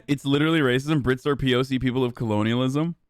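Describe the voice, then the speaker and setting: A man's voice: medium pitch, fast, clean tone, no room sound, clean studio sound. A man hosting a live stream, talking casually and sarcastically with lots of swearing. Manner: profane, sarcastic. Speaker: streamer host.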